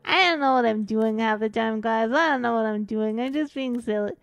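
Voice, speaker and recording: A woman's voice: a little high, normal speed, clear, resonant tone, no room sound, soft background music. A woman streaming a game and chatting casually, rambling along with frequent giggles and calling herself by her own nickname. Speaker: VTuber streamer.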